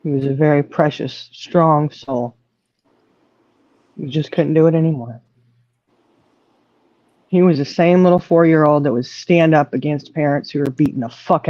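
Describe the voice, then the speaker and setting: A man's voice: fairly high pitch, a little slow, long pauses, mellow, no room sound. A man hosting a casual livestream chat, angry and profane, holding back tears. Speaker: livestream host. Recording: dull lo-fi mic.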